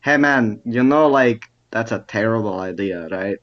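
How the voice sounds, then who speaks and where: A man's voice: lowish voice, a little slow, highs cut off, voice pushed down, natural voice. A man voicing a laid-back undead young male student, talking in a hesitant drawl.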